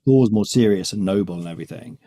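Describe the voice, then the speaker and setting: A man's voice: lowish voice, fast talker, warm tone. A man co-hosting a podcast, chatting casually and laughing often as he talks. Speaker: podcast co-host. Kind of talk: casual comedic chat.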